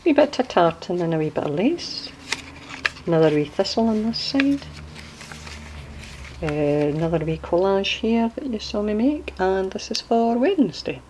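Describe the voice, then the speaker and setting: In a casual show-and-tell video, a Scottish woman with a Scottish accent chats about her handmade journal and wanders off to explain local sayings. Her mid-range voice is sing-song and mellow at a moderate pace, on a low-quality recording with slight background noise.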